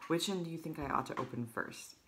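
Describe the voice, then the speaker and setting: A woman reading aloud, voicing an excited, scheming old grandfather in a conspiratorial whisper. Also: sits low, fairly quick, background noise, pitched above the performer's own voice, lightly acted. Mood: eager whispering.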